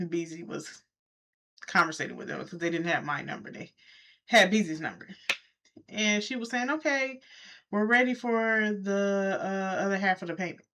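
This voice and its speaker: A woman, casually telling her viewers a story from her own life, talking straight to them and jumping up in pitch when she quotes people. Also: moderate pace. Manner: animated, talks straight to viewers, jumps high when quoting. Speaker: vlogger.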